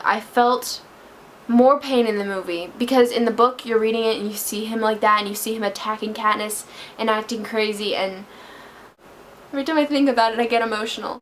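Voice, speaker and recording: A young woman talks through a movie review in a casual vlog, gushing and emotional. Her voice sits a little high, and her feelings keep spilling into it. A faint hiss runs under the recording. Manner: gushing, emotional, breaks into laughter and near tears. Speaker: book vlogger.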